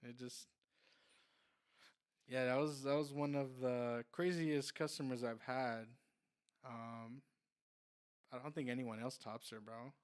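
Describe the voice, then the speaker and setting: A man's voice: mid-range voice, steady tone, slow, pauses often, clean tone. A young man, a car salesman on a podcast, telling a long story casually, with lots of fillers and restarts. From Mexican heritage.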